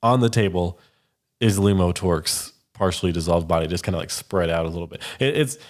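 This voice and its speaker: Low-voiced man narrating as game master. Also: a little fast. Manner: descriptive, casual, with many fillers.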